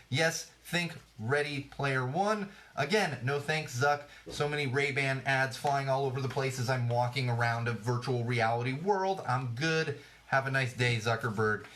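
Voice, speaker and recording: A man's voice: medium pitch, a bit bright. Male podcast host, jokey and sarcastic, rambling and a bit worn out. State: tired. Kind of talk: casual live-stream podcast chat.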